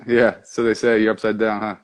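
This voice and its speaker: A man's voice: lowish voice, flat delivery, normal speed. A man chatting casually at a round table, laid-back and agreeable, swearing easily. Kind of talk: casual chat.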